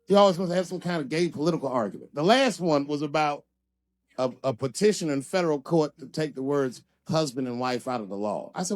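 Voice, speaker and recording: A man performing a stand-up comedy set, telling stories with animated delivery and acting out other people's voices. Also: on the high side, fast talker. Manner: animated storytelling, acts out characters' voices.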